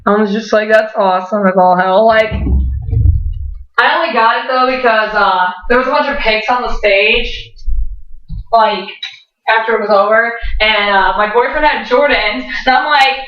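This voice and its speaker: Excitable young woman vlogging in an echoey room. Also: a little high, moderate pace. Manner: excitable, swearing, laughing often, lots of "like". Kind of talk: casual vlog storytelling. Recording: echoey room, dull lo-fi sound.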